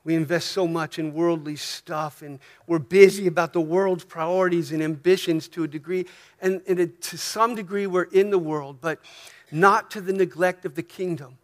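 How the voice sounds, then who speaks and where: A man's voice: a little high, fairly even intonation, moderate pace. A man with an American accent preaching a sermon as pastor, talking in a conversational way, often checking in with "right?" and rising to emphatic peaks. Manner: swings from soft asides to emphatic rises.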